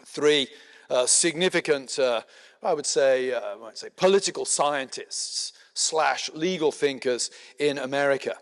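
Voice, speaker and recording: Middle-aged man lecturing in a reverberant hall. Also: mid-range voice. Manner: measured and explanatory, with frequent filler words and dry asides. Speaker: conference lecturer. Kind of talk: spoken lecture. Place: lecture room at a conference.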